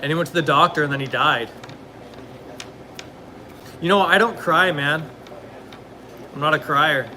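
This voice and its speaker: Speaking in a fairly high voice, unhurried and with frequent pauses, a young man sounds pushed and bright; there's a slight hiss or hum. He rambles casually and laid-back, full of filler words, now and then taking viewer questions.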